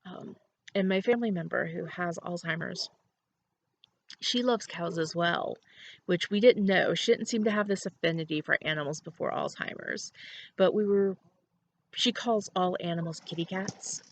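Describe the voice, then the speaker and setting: A woman's voice: on the low side, moderate pace, vocal fry. Chatty woman hosting a knitting podcast. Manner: chatty, rambling, laughs often. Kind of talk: casual chat to camera.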